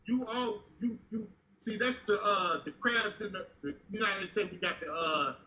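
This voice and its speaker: A man on a podcast panel, explaining his point slowly and deliberately in casual, profane talk. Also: high voice, bright, forceful tone, rough recording. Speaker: panel member.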